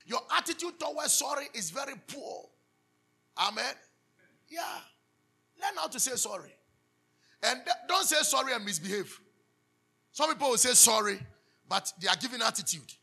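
High raspy pastor guy preaching, gravelly and sharp, calls and response. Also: moderate pace, pauses often. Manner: animated preaching with call-and-response questions. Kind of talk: sermon.

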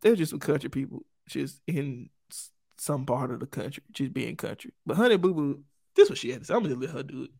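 A young man in his twenties with a Southern US accent, co-hosting a podcast in joking, animated casual chat. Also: medium pitch, brisk, vocal fry. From Jackson, Mississippi, US. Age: 20s. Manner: joking, animated, breaks into laughter and impressions. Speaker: podcast co-host.

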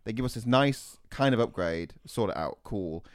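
A man's voice: fairly low pitch, dry recording, studio quality. Young man telling a rowdy story. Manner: animated, swearing, quick retorts. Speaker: podcast host. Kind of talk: casual storytelling chat.

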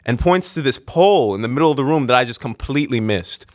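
Rambling, lively young man telling a story. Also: medium pitch, fast, few pauses, dry recording, clean studio sound. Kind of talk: casual personal anecdote.

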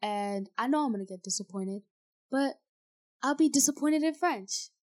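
A teenage girl chatting on a podcast with a slightly high voice, bubbly and teasing. She breaks into laughter often and keeps the talk loose and playful. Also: expressive, moderate pace, a little mellow. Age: teens. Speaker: podcast co-host. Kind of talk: casual chat.

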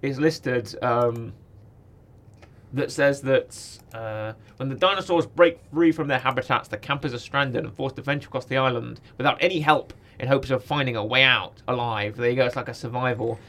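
A man's voice: mid-range voice, normal speed, a bit bright. A man co-hosting a podcast, chatting casually about a cartoon series, rambling, correcting himself and laughing often. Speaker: podcast co-host.

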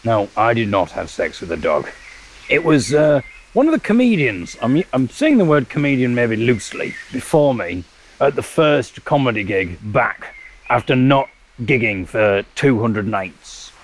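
A man's voice: mid-range voice, sing-song, unhurried, a little hiss or hum. A man hosting his podcast while out on a river walk, telling stories in a rambling, self-deprecating way and laughing often. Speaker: podcast host. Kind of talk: casual walking monologue.

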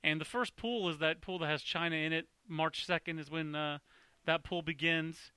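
Bright, crisp-voiced man chatting sports. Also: on the high side, steady tone, normal speed, no echo. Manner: rambling, anecdotal, self-correcting. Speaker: podcast co-host. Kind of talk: casual sports chat.

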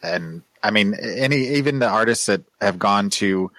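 A man's voice: on the low side, lively intonation, normal speed, fairly bright tone, no echo. A man on a casual podcast, thinking aloud and restarting his sentences as he makes his point. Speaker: podcast co-host.

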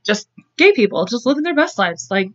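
A woman's voice: fairly high pitch, very animated, fairly quick, a bit bright, no room sound, muffled recording. A woman hosting a podcast, telling a true-crime story in a chatty, profane way with side tangents. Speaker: podcast host.

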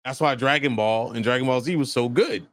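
A man co-hosting a casual podcast chat, animated and breaking into acted-out voices as he talks. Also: mid-range voice, a little fast, dry recording. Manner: animated, acts out voices mid-story. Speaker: podcast co-host.

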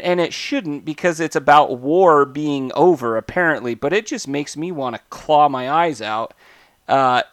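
A man co-hosting a podcast, talking in casual chat with dry, deadpan humor. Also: medium pitch, no echo. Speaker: podcast co-host.

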